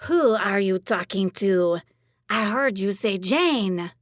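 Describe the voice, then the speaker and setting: Brief: a woman doing a resolute heroine in an audiobook drama, measured, unhurried delivery, dry close sound. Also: medium pitch, animated, dry recording. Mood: firm. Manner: firm, resolute. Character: determined woman, steady and protective.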